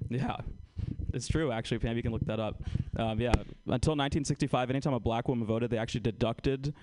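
A man's voice: medium pitch, quick pace, background noise. A man performing a stand-up comedy set on a club stage, ironic and conversational, often asking the crowd questions.

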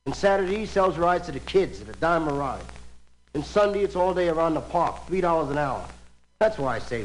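A man's voice: a little high, very animated, moderate pace, low-quality recording. A man telling folksy jokes as a stand-up comedian, laughing at his own stories before a live audience. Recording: archival live recording with music and audience.

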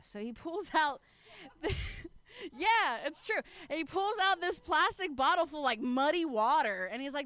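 Woman, stand-up comic, high voice, rambling, laughing, dry close sound. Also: lively intonation, unhurried, sharp tone, dry recording. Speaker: stand-up comedian. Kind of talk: stand-up storytelling.

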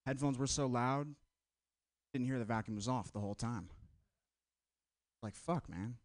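A man doing stand-up, delivering clipped deadpan one-liners. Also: mid-range voice, measured pace, no room sound, clean studio sound. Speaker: stand-up comedian.

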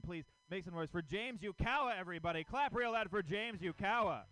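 A man's voice: high voice, brisk, hardly any pauses, fairly bright tone, smooth, poor audio. A man hosting a comedy show, introducing acts and joking about stumbling over his words. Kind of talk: stand-up emcee introductions.

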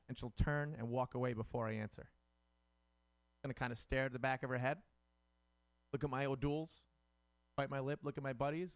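Man, stand-up comic, rambling and self-mocking, smooth clear voice, dry close sound. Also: medium pitch, steady tone, fast talker, dry recording. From Rhode Island. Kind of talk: stand-up comedy set.

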